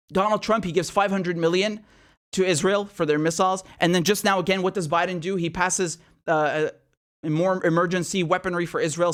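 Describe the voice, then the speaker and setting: A man hosting a political commentary monologue, heated and profane, firing off rhetorical questions and repeating phrases for emphasis. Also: high voice.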